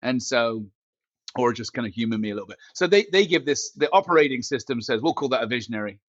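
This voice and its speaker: A man's voice: medium pitch, lively intonation, quick pace, no room sound. A man in a casual interview chat, joking and poking fun at himself as he rambles along with plenty of fillers. His voice comes through a small headset mic built into his glasses, so it sounds a little dull and lo-fi. The recording is dry, with almost no room sound around him. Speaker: company CEO guest. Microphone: glasses-frame headset mic.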